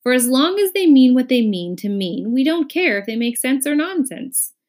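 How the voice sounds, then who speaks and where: A woman reading aloud plays an irritable, clumsy male earl. His storybook voice is loud and excitable. He sounds quick to bristle. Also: sits high, voice pushed up. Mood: explaining.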